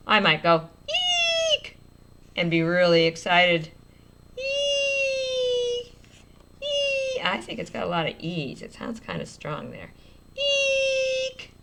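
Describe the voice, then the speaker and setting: Woman teacher, writing lesson for small children, low voice, stretches out word sounds, encouraging. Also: background noise. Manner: sounds out words slowly while writing; gentle encouraging teacher talk.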